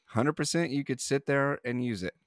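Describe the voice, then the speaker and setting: A man's voice: medium pitch, normal speed, no room sound, studio quality. A man hosting a podcast in casual chat, rambling with many fillers and restarts. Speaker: podcast host.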